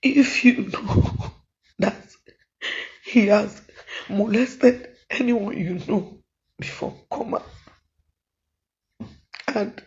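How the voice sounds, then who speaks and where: A woman's voice: medium pitch, measured pace, pauses often, a little mellow. Tearful Nigerian woman pleading. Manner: pleading, switching between Yoruba and English. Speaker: comedian. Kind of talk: emotional video statement. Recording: dull lo-fi audio.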